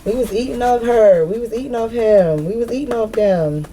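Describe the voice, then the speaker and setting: Woman putting on high, frantic voices of freeloaders in a panic, whiny and cursing. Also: normal speed, warm tone, slight background noise, natural voice, rough recording. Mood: panicked. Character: panicking freeloaders who lost their meal ticket.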